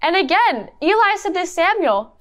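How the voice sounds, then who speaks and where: Woman, high voice, clear encouraging teacher, interactive storytelling for children. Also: very animated, normal speed. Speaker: children's Bible lesson leader. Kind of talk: interactive Bible storytelling for kids.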